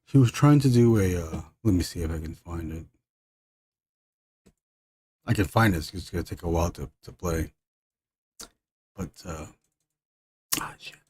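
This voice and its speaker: Brief: man, live stream host, low mellow voice, loose rambling chat full of fillers and laughter, dry close sound. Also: normal speed, long pauses, breathy edge, dry recording.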